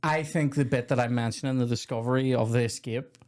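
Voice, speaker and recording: A man's voice: medium pitch, steady tone, brisk, darkish tone. A young man hosting a casual film review chat, rambling, swearing and cutting himself off as he talks. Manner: rambling, swearing, self-interrupting. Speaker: podcast host.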